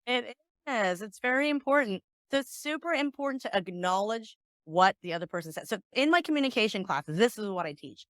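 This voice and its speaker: Animated woman explaining conflict steps. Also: mid-range voice, brisk, few pauses, no room sound, clean studio sound. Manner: animated, acts out example dialogues. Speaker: divorce mediator and negotiation coach. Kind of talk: podcast interview talk.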